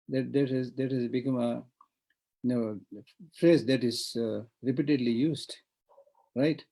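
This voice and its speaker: A man's voice: mid-range voice, normal speed, long pauses, warm tone, poor audio. A man with a Tibetan accent giving an online Buddhist teaching, talking in a discursive way with repeated words and frequent "you know".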